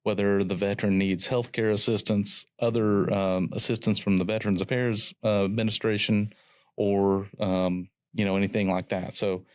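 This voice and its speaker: Low-voiced man hosting. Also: moderate pace, no echo, studio quality. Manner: relaxed, explanatory, with frequent fillers. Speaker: county clerk and podcast host. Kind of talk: casual interview chat.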